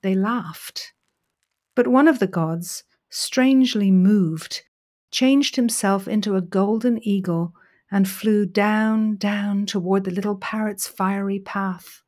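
A woman storyteller narrating a folk tale in an expressive, dramatic way. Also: medium pitch, slow pace.

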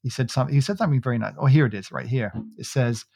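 A man's voice: mid-range voice, fast talker, creaky, a little mellow, slightly rough, dry recording, clean studio sound. A man co-hosting a podcast, telling jokey stories in a casual chat and laughing often. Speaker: podcast co-host.

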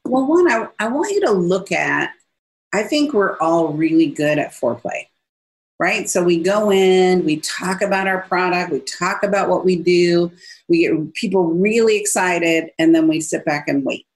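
A woman on a podcast giving energetic sales advice and acting out quotes as she tells stories. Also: on the low side, moderate pace, rough recording. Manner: energetic, animated storytelling with acted-out quotes. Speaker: business speaker and author. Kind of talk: casual podcast interview.

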